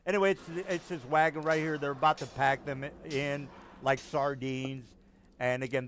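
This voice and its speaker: A man's voice: medium pitch, a little hiss or hum. A man narrating as game master, casual and profane with lots of fillers.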